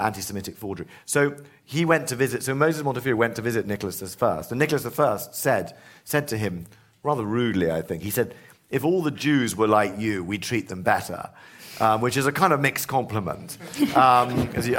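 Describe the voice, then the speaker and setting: A man, an author and historian, telling lively stories in conversation, full of asides and restarts. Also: fairly low pitch. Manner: animated anecdotes with many restarts and asides. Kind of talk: storytelling in conversation.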